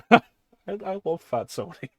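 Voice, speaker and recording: A man's voice: on the high side, sing-song, slight background noise. Crude joking man streaming a game. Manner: crude, joking, reads aloud haltingly. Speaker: streamer host. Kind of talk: casual chat while gaming.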